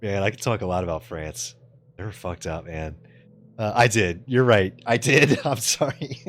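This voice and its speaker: A man live-streaming in casual chat, answering his viewers with loose, profane jokes and frequent laughter. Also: on the low side.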